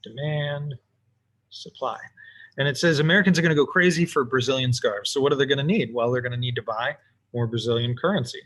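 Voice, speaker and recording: Man, teacher, relaxed recorded lesson, thinks aloud, mid-pitched voice, computer mic. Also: brisk. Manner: casual, talks to himself while drawing. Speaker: economics teacher. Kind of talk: recorded lesson while sketching graphs.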